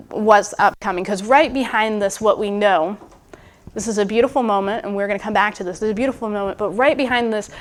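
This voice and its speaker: A woman preaching a sermon in an informal, musing way, with restarts and asides, sometimes speaking a biblical character's thoughts aloud. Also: mid-range voice. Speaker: guest preacher. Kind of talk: conversational sermon.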